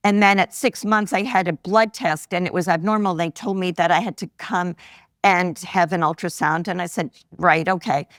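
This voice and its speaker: A woman's voice: on the low side, normal speed, dry recording, studio quality. A woman in her sixties, an investor guest telling personal stories in a live podcast interview, acting out the voices she quotes. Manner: animated anecdotes, acts out quoted voices. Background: live audience laughter.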